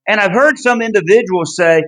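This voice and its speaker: A man teaching a Bible class, earnest and emphatic, with a deliberate delivery and small restarts. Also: high voice, animated, sharp tone, poor audio. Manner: earnest and emphatic, pleading in tone when driving a point home. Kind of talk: Bible study lesson.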